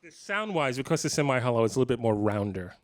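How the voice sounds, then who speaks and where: Fast and full of big pitch swings, this mid-range voice belongs to a man in his 50s. At a guitar clinic held in a shop, he tells a live audience rambling, self-deprecating stories with lots of restarts.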